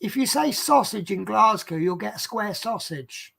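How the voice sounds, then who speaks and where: A man's voice: sits high, expressive, moderate pace, gravelly, sharp tone. A man with a Norfolk accent, hosting a casual chat and rambling along in a chatty, self-mocking way. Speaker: podcast host.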